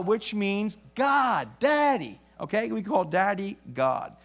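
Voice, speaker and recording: A man with a high voice preaches a live church sermon. He keeps asking the congregation to finish his sentences. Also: very animated, a little slow, creaky, few pauses. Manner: quizzes the congregation with fill-in questions. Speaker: pastor.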